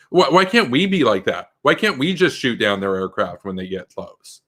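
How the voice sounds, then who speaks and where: A male political commentator delivering a fiery monologue, emphatic and combative, firing off rhetorical questions. His voice is bright and forceful at a middle pitch. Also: very animated, moderate pace, few pauses.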